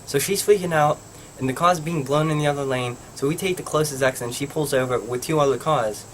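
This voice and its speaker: A man's voice: fairly high pitch, a little fast. Young man, vlogger, rambling, says like a lot, faint air conditioning hum. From Pennsylvania. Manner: rambling, heavy use of "like". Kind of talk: casual storytelling vlog.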